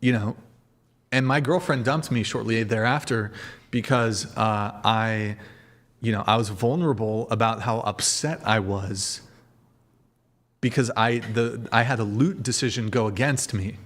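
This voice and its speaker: A man's voice: fairly low pitch, measured pace, fairly bright tone. A man hosting a podcast livestream, chatting casually, rambling and swearing as he talks straight to his viewers. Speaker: podcast host.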